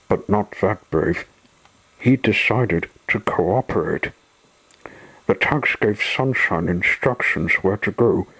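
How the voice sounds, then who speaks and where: A man reading a children's storybook aloud in an unhurried, expressive way. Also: low-pitched, slightly rough, poor audio.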